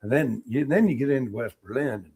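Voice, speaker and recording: Gravelly middle-aged veteran telling stories. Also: male voice, mid-range voice, a little fast. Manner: animated storyteller, acts out quotes, laughs. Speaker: Army veteran guest. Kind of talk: casual storytelling interview.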